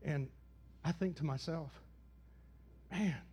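A middle-aged man preaches a sermon in a high voice. He swings from loud, high cries down to low, quiet asides. He keeps putting questions to the congregation. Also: moderate pace, slight background noise. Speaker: pastor.

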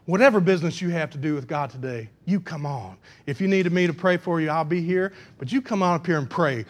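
A man with a notably high voice preaches a sermon to his congregation. He climbs into loud, fervent outbursts, then sinks to a low, pleading hush, leaning hard on repeated lines. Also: lively intonation, fairly quick. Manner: swings between loud passionate preaching and hushed pleading. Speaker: pastor. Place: church in front of a congregation.

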